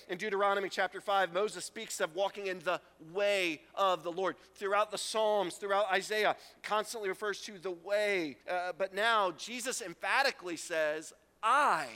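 A middle-aged man preaching a sermon as pastor, animated, acting out quotes and laughing often. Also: sits high. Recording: reverberant hall.

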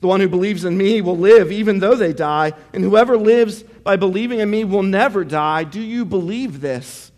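A man's voice: high voice, normal speed. A man preaching a sermon as pastor, reading scripture dramatically and pressing the congregation with rhetorical questions. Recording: long hall reverb.

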